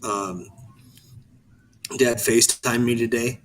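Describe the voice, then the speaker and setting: Male co-host, everyday mid pitch, chatty and halting, faint background noise. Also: steady tone, rough recording. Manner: rambling, halting, with frequent restarts. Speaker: podcast co-host. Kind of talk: casual podcast chat.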